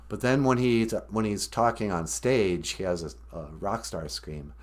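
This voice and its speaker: A man's voice: fairly low pitch, unhurried, hardly any pauses, darkish tone. A man hosting a casual live stream, chatting about how he does his impressions. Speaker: host.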